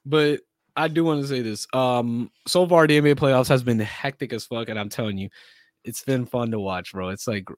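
A man's voice: medium pitch, moderate pace, dry recording, clean studio sound. A man hosting a casual podcast, talking in a loose, rambling, profane way with lots of fillers. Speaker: podcast host. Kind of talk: casual sports and wrestling chat.

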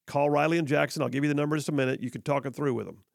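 A man's voice: a little high, fairly even intonation, vocal fry, no room sound, clean studio sound. A man hosting a talk radio show, reading a sponsor spot in a folksy, joking way. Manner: folksy, joking, drawling when slowing down. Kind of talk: casual talk radio with live ad read. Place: radio studio. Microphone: studio microphone.

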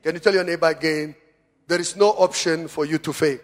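A man's voice: fairly high pitch, fairly even intonation, brisk. A man preaching a sermon in church, calling on the congregation to answer and repeat after him. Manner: preaching with call-and-response to the congregation. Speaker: pastor. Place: church hall. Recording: long church-hall reverb.

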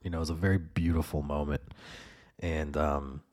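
A man's voice: a bass voice, flat delivery, moderate pace, a little mellow. A man hosting a podcast, rambling through a casual monologue with lots of fillers and swearing. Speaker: podcast host.

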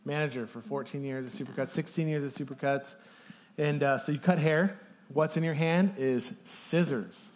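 A man's voice: on the high side, normal speed, a little mellow. A man preaching a sermon as pastor, talking in a casual, conversational way with fillers.

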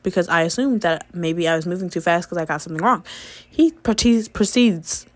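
A woman vlogger talking fast in a blunt, profane casual rant. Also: lowish voice, no echo. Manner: blunt, heavy swearing. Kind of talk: casual ranting monologue.

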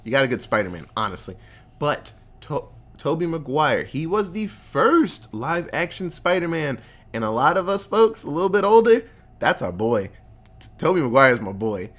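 A man in his thirties chatting casually about movies, animated and profane, jumping into character voices. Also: normal speed. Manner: animated, profane, acts out characters with big pitch jumps. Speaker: podcast co-host. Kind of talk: casual movie review chat.

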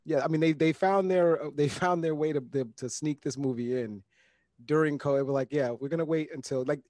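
A man's voice: fairly high pitch, brisk, darkish tone, no echo. A man co-hosting a casual podcast chat, talking in a wry, rambling way and repeating words as he thinks. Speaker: podcast co-host.

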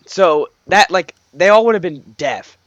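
Guy cohosting a podcast, bright lively voice, acts out lines, dry sound. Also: high voice, unhurried, no room sound, muffled recording. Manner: animated, jumps in with quoted lines. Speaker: podcast co-host. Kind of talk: casual chat.

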